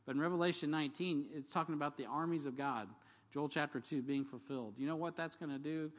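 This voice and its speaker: A man's voice: on the high side, fairly even intonation, fast talker. A man preaching a sermon in a conversational, jokey way, asking the congregation questions and reading scripture aloud. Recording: long hall reverb.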